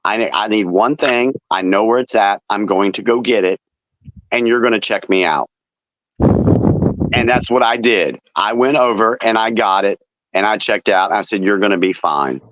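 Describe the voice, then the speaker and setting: A man hosting a casual chat, telling defiant stories in a relaxed way. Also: on the low side, moderate pace. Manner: relaxed storyteller, defiant anecdotes. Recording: dull lo-fi dry sound.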